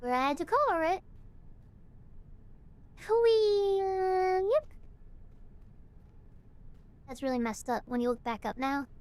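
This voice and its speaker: A young adult woman streaming a game, reacting in an excitable, chatty way. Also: high-pitched, fast, hardly any pauses, clean tone. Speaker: VTuber streamer. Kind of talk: gaming livestream chat.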